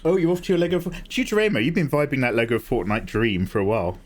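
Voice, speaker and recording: A man's voice: mid-range voice, fast talker. A man chatting and joking casually while he draws on a livestream. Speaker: livestreaming artist. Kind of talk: casual chat while drawing.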